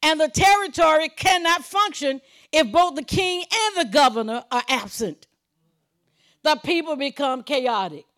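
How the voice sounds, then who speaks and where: Woman preacher, high voice, emphatic sermon delivery with loud points and low asides. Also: expressive, measured pace. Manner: chuckles while preaching, conversational.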